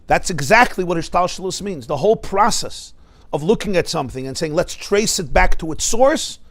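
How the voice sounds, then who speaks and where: Male rabbi teaching a class, slightly high-pitched, explanatory tone. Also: normal speed. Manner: explanatory, lively teaching with Hebrew terms and questions to listeners. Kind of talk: Torah lecture.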